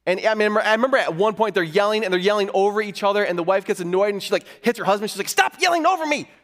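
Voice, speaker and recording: A middle-aged man preaching a sermon as pastor, earnest and conversational, telling stories with lively asides. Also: high-pitched, very fast.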